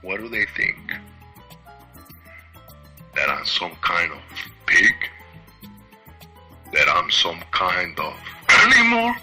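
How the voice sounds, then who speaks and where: A man's voice: deep voice, pushed and bright, heavily acted. A man playing an arrogant, swaggering wrestler in a promo skit, with a put-on Spanish accent and a cocky, taunting, sarcastic way of talking. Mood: boastful. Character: arrogant swaggering male wrestler, slick tough guy.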